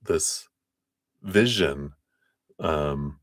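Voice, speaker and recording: A man with a very deep voice gives a casual live tarot reading at an easy, unhurried pace. He talks in loose, trailing phrases and laughs often. The sound is dry and close. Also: no echo. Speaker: tarot reader on a live stream.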